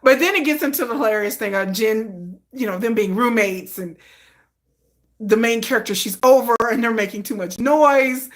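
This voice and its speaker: A woman's voice: a little high, normal speed. A woman hosting a live stream, chatting casually and rambling through her fan fiction with frequent restarts.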